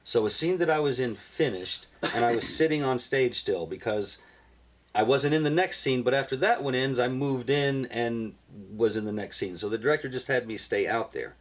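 A man casually telling a story on a podcast, animated and swearing, acting out what he said. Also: mid-range voice, normal speed. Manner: animated, profane, acts out his own lines.

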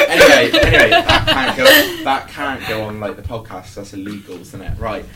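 A man's voice: very high voice, distant mic. A man hosting a quiz on a student podcast, chatty and giggly, with lots of fillers. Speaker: quiz host. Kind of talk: casual student podcast chat. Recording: noisy room, speaker a little off-mic.

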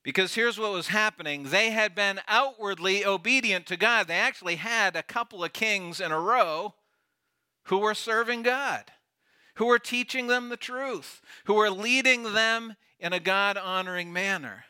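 A man preaching a sermon as pastor, earnest, often dropping soft and low to stress a point. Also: moderate pace, clear, resonant tone.

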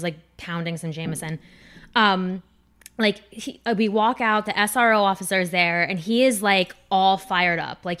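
A woman from New Jersey, a comedian guest telling a story on a casual podcast and acting out the quoted voices. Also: medium pitch. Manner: animated, acts out quoted voices.

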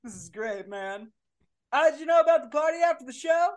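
A woman's voice: high voice, animated, brisk, a little mellow, pitched above the performer's own voice. A woman voicing a laid-back male band manager, a surfer bro with a froggy, Kermit-like voice and drawling slang. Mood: stoked.

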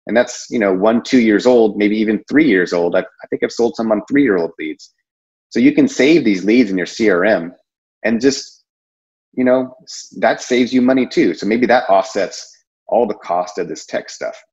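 A man's voice: fairly low pitch, normal speed, a little mellow, dull audio. A man giving a casual sales training talk, rambling and conversational with many fillers and restarts. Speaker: insurance sales presenter.

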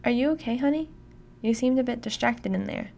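A woman voicing a frightened but defiant single mother who turns sharp and shrill under threat. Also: a little fast, vocal fry. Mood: concerned. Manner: sharp, shrill when angry.

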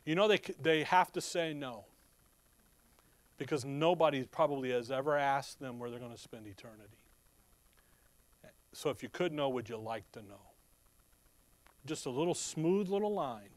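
A man's voice: fairly high pitch, moderate pace, long pauses, dry recording. A man preaching a sermon in a conversational, storytelling way. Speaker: pastor.

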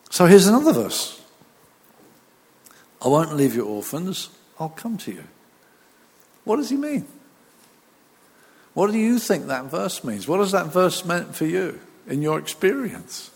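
A man preaching in a lively, animated way, with a fairly high voice. It has a husky edge and carries a long reverb, as if it were recorded in a large church hall. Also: a little slow, pauses often. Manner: animated, acts out voices of disciples. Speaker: pastor. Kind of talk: sermon.

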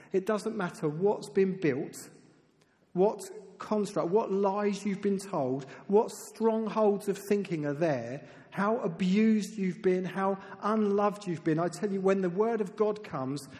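A man preaching a sermon in a lively, conversational way, dropping to soft, emphatic tones for key points. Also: sits high. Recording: reverberant hall.

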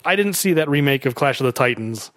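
A man in a casual, opinionated movie discussion, animated and mocking. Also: mid-range voice, a little fast, no room sound, studio quality.

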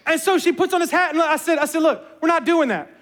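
A man, a pastor, giving a sermon as an animated, self-mocking storyteller. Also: extremely high pitch, fast talker. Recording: long reverb of a large hall.

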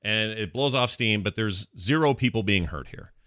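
Clean studio sound with no echo carries this middle-aged co-host's low-ish, bright, forceful voice at a normal pace. Animated and casual, he wanders through his points, keeps restarting sentences, and laughs frequently.

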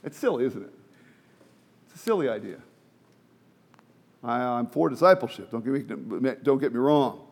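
A man's voice: lively intonation, moderate pace, pauses often, slightly rough. Middle-aged male pastor, joking and earnest. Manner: conversational with self-deprecating humor, many restarts and fillers; swings from quiet, low asides to raised, emphatic exhortation. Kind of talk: sermon.

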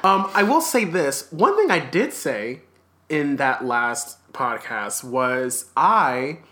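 A man's voice: mid-range voice, sing-song, slow, pushed and bright, a little hiss or hum. A man co-hosting a casual podcast chat, candid and joking, laughing often. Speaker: podcast co-host.

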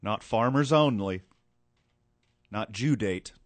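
A man hosts a podcast in loose, casual chat, joking his way through asides. His pitch swings widely as he talks. The sound is dry and close, with no room around it. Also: slow, no room sound. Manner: animated, joking, trails into asides. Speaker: podcast host.

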